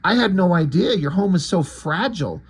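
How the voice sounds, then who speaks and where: A man's voice: sits high, expressive, moderate pace, husky. A man reading a solemn robot leader. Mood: earnest. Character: noble male robot leader, earnest.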